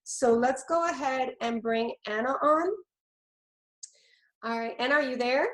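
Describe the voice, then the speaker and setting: A woman's voice: high voice, a little slow, echoey room. A woman hosting a live online coaching event, upbeat and instructive as she introduces the next segment. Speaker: host, love coach.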